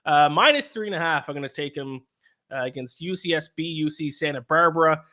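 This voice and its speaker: Male betting podcast host, bright, a bit higher voice, leads the chat. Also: brisk. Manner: leads the segments and asks his co-host questions. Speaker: sports betting show host.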